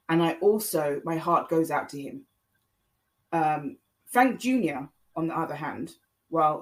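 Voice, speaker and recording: A woman's voice: low voice, rough recording. A woman hosting a podcast, talking casually and earnestly, repeating her points and pleading with her listeners. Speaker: podcast host. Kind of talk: casual opinion monologue.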